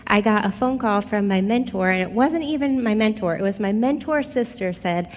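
A middle-aged woman tells her personal story in a relaxed, conversational way and talks straight to the people listening. Her voice sits at a medium pitch and carries a long hall reverb, as if she is on a stage in a large room. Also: normal speed. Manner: conversational, expressive, addresses listeners directly. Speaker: speaker giving a personal testimony. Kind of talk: casual storytelling testimony.

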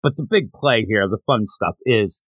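A man's voice: lowish voice, expressive, moderate pace, a bit bright, no echo. A man co-hosting a manga podcast, chatting casually through a chapter recap. His voice swoops up and down as he acts out the characters' lines. It is close and dry, with no room sound. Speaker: podcast co-host.

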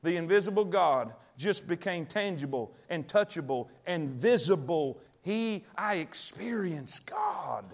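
A man preaches in an unusually high voice. He tells homespun stories, repeats his phrases for emphasis and speaks straight to his congregation. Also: expressive, measured pace, few pauses. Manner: storytelling, talks directly to the congregation. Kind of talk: sermon.

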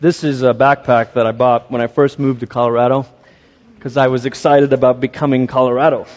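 Conversational pastor in a reverberant hall. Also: male voice, mid-range voice, little pitch movement, fairly quick. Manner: conversational, self-deprecating, tells family stories. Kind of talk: sermon.

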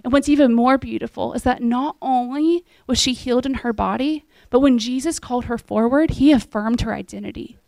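A woman delivering a sermon, telling a scripture story in an earnest, conversational way. Her voice sits a little high with a gravelly edge, and the sound is close and dry. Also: brisk, few pauses, mellow, no room sound. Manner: earnest storytelling, retelling scripture in plain words. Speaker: preacher.

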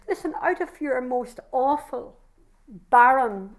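A woman's voice: medium pitch, normal speed. Earnest middle-aged woman preaching. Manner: earnest, fervent, with frequent restarts. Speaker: women's conference speaker. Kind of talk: testimony sermon.

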